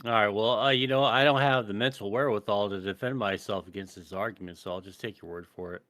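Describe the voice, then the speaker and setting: Male podcast co-host, bright tone, dry close sound, casual joking banter with swearing. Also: on the low side, steady tone, fast talker, no room sound. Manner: swearing, laughing, jokey asides.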